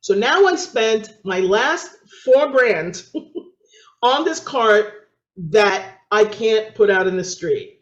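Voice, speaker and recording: Animated storytelling woman, echoey room. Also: slow pace. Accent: New York. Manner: acts out quoted voices with big pitch jumps, laughs often. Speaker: interview guest. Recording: echoey, dull lo-fi sound.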